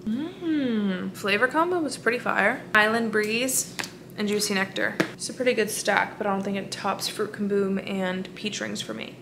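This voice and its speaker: A woman's voice: mid-range voice, normal speed, vocal fry, noisy background. A woman vlogging casually to camera as a bodybuilding competitor, upbeat and chatty, talking earnestly about staying positive. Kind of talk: casual vlog talk to camera. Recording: echoey room.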